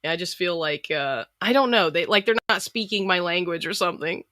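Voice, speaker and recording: A bright, forward voice with a slight Southern drawl from Florida, talking easily and hedging often. The sound is close and dry. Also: mid-range voice, a little fast, no room sound. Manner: easygoing and unsure, hedges a lot. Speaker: guest, video maker. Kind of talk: casual conversation.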